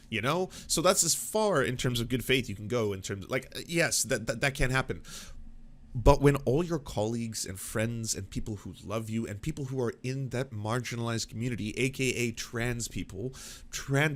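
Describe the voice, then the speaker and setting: A man hosting a political commentary show, reacting in a casual, profane, self-mocking way. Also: medium pitch. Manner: animated, profane, self-mocking, switches into mock voices.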